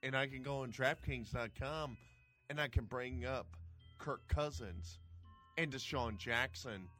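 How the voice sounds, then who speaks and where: A man's voice: medium pitch, a little slow, bright, forceful tone, soft background music. A man co-hosting a podcast, chiming in with short quips and jokes during the ad reads. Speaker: podcast co-host. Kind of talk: casual banter during ad reads.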